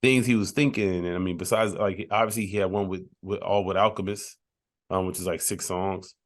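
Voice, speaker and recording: A man co-hosting a music podcast, talking in a relaxed, rambling way with frequent restarts. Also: deep voice, brisk. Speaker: podcast co-host. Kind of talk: casual chat.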